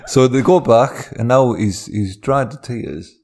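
A man's voice: mid-range voice, a little slow, a little mellow. A man telling an improvised comedy story in a rambling, playful manner.

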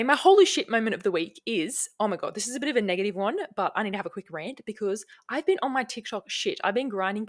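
A young Australian woman hosting her own podcast, chatting casually on a plugged-in mic, swearing freely and ranting. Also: medium pitch. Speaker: podcast host. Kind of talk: casual solo podcast chat.

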